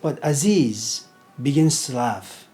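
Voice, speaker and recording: A man's voice: mid-range voice, animated, takes it slowly, a little mellow, soft background music. A middle-aged man giving an informal lecture, retelling a story in a conversational way with many fillers.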